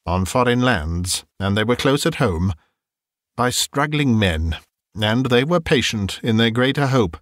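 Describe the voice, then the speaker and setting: Slow, measured male storyteller. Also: medium pitch, a bit bright, no echo, clean studio sound. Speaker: narrator. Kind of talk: audiobook narration of a classic story.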